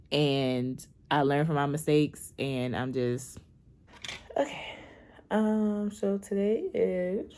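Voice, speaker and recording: Low-voiced young woman, candid and emotional. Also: a little mellow. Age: 20s. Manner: candid, rambling, emotional, swears freely. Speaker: vlogger. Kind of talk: casual confessional vlog.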